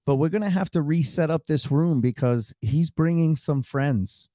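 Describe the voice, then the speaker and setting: A man's voice: a little high, moderate pace, warm tone, dry recording, clean studio sound. A man hosting a comedy podcast in casual chat, upbeat and chatty, swearing now and then. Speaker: podcast host. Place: home studio room.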